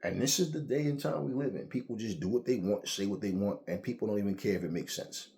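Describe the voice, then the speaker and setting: Low-voiced man ranting with slang. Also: fast talker, gravelly. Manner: profane, animated storytelling with slang. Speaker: boxing commentator. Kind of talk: casual rant to camera.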